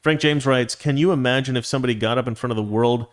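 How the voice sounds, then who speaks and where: A man talks off the cuff on a live stream. He's opinionated and rambling, with lots of restarts and fillers as he reads out viewer comments. His voice sits at an ordinary middle pitch. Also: quick pace. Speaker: host.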